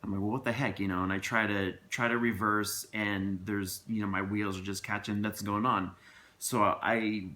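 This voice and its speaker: A man's voice: on the low side, flat delivery, moderate pace, pushed and bright. A man telling a personal story to camera in a casual, rambling and earnest way, with many restarts and asides.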